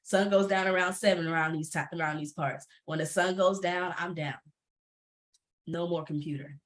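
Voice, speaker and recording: A woman speaking candidly on a panel, expressive, laughing often, her pitch jumping when she gets animated. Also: normal speed. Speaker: panelist entrepreneur.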